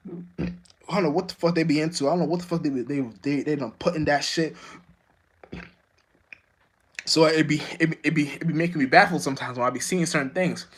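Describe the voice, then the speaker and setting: Brief: quick, slightly high-voiced man, profane rambling vlog monologue, constant restarts. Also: slightly rough. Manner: profane, rambling, many restarts and "you know what I'm saying"; jumps high and loud when acting out his own outbursts. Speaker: vlogger.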